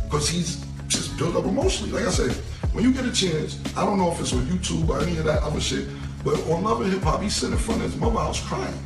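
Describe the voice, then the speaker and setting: A man in a played interview clip, talking casually and animatedly, repeating himself and swearing freely. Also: on the high side. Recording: roomy echo, distant from the mic.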